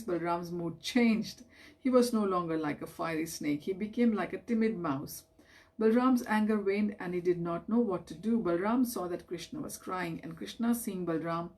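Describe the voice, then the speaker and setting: A woman's voice: fairly low pitch, darkish tone. Woman reading a devotional story aloud. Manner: measured storytelling, raising voice for quoted figures. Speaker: reader of devotional scripture.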